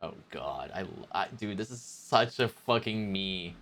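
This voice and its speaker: A man streaming live, chatting casually with his viewers in a rambling, animated way. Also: low-pitched, a little slow, faint music behind. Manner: rambling, animated, talks to chat as "boys".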